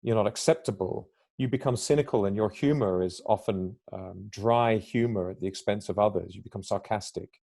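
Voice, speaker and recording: Mellow-voiced man talking things through. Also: lowish voice, moderate pace, creaky. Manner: reflective, explains ideas at length, acts out little quoted exchanges. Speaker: podcast guest. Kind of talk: conversational podcast talk.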